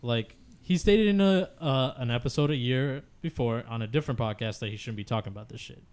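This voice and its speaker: A man of middle pitch chats on a gaming podcast in a loose, frank way. He fills his talk with filler words and swears casually as he gives his opinions. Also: a little fast, a little mellow.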